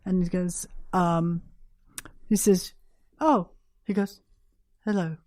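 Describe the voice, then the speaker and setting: A woman's voice: on the low side, little pitch movement, slow, warm tone, no room sound. An older woman with a New York accent, a guest telling candid stories in an interview and acting out the quotes. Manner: candid, anecdotal, acts out quotes. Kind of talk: storytelling in an interview.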